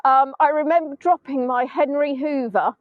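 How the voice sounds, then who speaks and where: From the sand dunes beside the sea, a middle-aged Englishwoman runs a casual live-stream tour, talking with viewers, making fun of herself and breaking into song here and there. Her voice is high and her pace normal. The phone recording is dry and dull.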